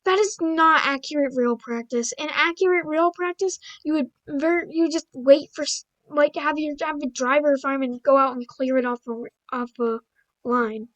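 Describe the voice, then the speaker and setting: A woman with a high voice reads simple children's stories aloud in a casual, offhand way. She trips over words, restarts lines, and cuts in with blunt asides. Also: normal speed, fairly bright tone, rough recording. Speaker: video creator.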